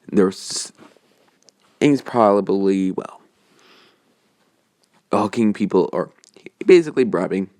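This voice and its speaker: A man's voice: low-pitched, darkish tone, no room sound, clean studio sound. A man casually making up a fan story as he goes, rambling and hesitant, full of fillers and self-corrections.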